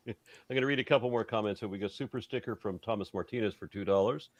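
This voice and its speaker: A man hosting a casual online panel discussion, reading out viewer comments in a wry, lively way over a video call. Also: lowish voice, quick pace, no room sound.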